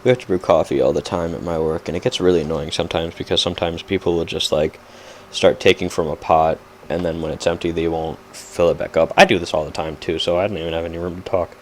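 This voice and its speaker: Young male podcaster, extremely low voice, rambling and self-mocking, faint hiss behind. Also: little pitch movement, quick pace. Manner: rambling, loses track, frequent "like" fillers. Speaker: podcast host. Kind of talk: casual rambling solo podcast.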